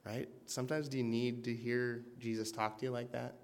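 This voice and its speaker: A man's voice: medium pitch, little pitch movement, moderate pace, long reverb tail. A man preaching a sermon in an earnest, conversational way, reading scripture aloud with emphasis.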